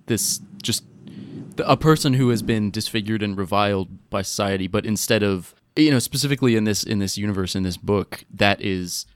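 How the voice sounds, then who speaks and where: A man's voice: on the low side, a little fast, clean tone, no echo. Male guest, casual chat, dry mic, laughs often, thoughtful.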